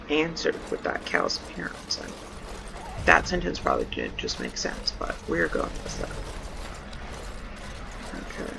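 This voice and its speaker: Gravelly-voiced sleep-deprived gamer man. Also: fairly high pitch, background noise. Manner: rambling, self-correcting asides. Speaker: let's play gamer. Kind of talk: let's play commentary and reading game text aloud.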